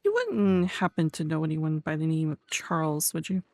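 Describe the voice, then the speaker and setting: A woman's voice: low voice, huge pitch swings, normal speed, a little mellow, no room sound. A woman roleplaying in a game, chatting in character, laughing often and acting out what others said. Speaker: roleplayer playing an outlaw character.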